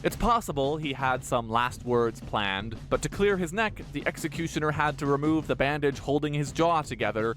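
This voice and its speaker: A man narrating a scripted comedic history video with sarcastic, deadpan asides. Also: fairly high pitch, moderate pace, hardly any pauses, faint music behind.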